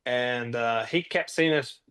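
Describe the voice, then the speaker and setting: A man being interviewed as a podcast guest, telling stories in a casual, animated way and acting out other people's lines. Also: mid-range voice, slow pace. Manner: animated storyteller, acts out dialogue. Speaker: podcast guest, wellness product creator.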